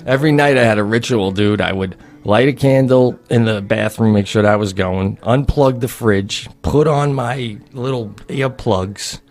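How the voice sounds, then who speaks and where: A man co-hosting a comedy podcast, telling a rambling, animated story in casual chat. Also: mid-range voice, moderate pace, few pauses. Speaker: podcast co-host.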